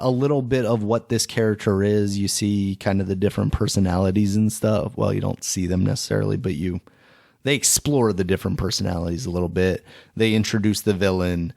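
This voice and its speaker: A man co-hosting a gaming podcast, chatting casually in a relaxed, steady, explanatory way. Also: lowish voice, creaky. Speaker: podcast co-host. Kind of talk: casual chat.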